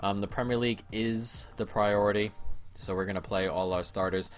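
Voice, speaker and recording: Excitable male let's-play commentator. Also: fairly low pitch, moderate pace, soft background music. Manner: chatty play-by-play, bursts of excitement at goals. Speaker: gaming video creator.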